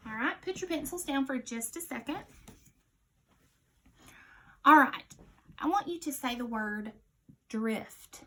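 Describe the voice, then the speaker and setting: A woman teaching a phonics lesson to young children, sounding out each letter slowly and clearly. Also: high voice, expressive, a bit bright.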